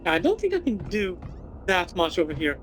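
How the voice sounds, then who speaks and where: A woman's voice: lowish voice, big pitch swings, normal speed, faint music behind, rough recording. Woman reading game text with dry asides. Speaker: gaming channel host. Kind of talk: let's play commentary, reading game text aloud.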